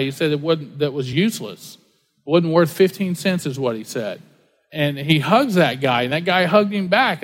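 A man with a rather high voice preaching a sermon in a loose, chatty way. He slips into quick impressions while telling stories. His voice rings out with a long reverb, as in a church sanctuary. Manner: conversational, storytelling with acted-out quotes. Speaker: pastor.

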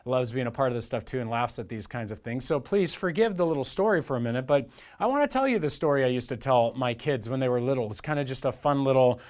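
A man's voice: medium pitch, expressive, fast talker, darkish tone. A middle-aged man preaching as a pastor in a casual, joking, storytelling way. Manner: folksy, joking, conversational.

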